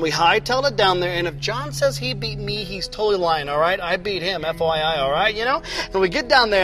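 A man playing an excitable, rambling fisherman apostle in a comedic church video skit, talking in an eager, jokey way. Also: sits high. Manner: eager, chatty, jokey, quick exclamations.

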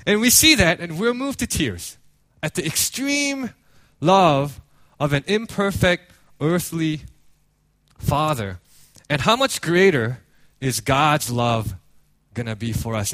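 Animated, high-voiced man preaching. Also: dry recording. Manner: animated storytelling with many restarts. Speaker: pastor. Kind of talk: sermon.

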